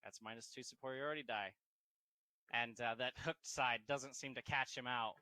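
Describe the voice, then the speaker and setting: A man serves as game master for a tabletop game, laughing and swearing as he narrates. His voice is bright and forward, and the dry, close recording has almost no room sound. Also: mid-range voice, fairly even intonation, moderate pace, no echo. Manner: casual, laughing, swears freely.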